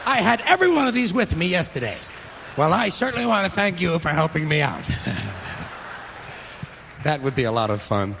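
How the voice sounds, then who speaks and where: A man's voice: on the high side, big pitch swings, moderate pace, vocal fry, pauses often, fairly bright tone. A man doing a stand-up comedy routine, telling a story sardonically and acting out both sides of the dialogue. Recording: live recording with long hall reverb and faint noise.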